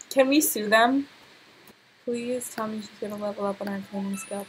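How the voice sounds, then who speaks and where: A young woman giving casual, excitable let's-play commentary, full of gasps and laughter. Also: a little high, moderate pace, breathy edge, poor audio. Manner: excitable, laughing, exclamatory reactions. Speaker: gameplay commentator.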